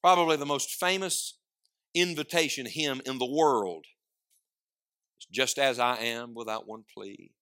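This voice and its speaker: Male preacher, tense bright tone, dramatic loud-soft swings, call-and-response sermon. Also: mid-range voice, measured pace, long pauses, clear, resonant tone. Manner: emphatic, swings from loud declarations to hushed asides; asks the congregation questions and prompts replies.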